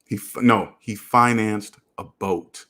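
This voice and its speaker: A man's voice: lowish voice, takes it slowly. A man hosting a casual live stream, reading viewer comments and lecturing earnestly about debt. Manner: earnest, preachy, animated. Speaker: channel host.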